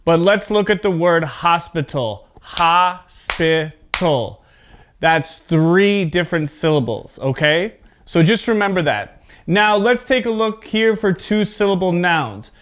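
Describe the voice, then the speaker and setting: A man's voice: sits high, expressive, unhurried. A man teaching an English pronunciation lesson. He is patient, often checks in with "okay?", and exaggerates word stress in his examples.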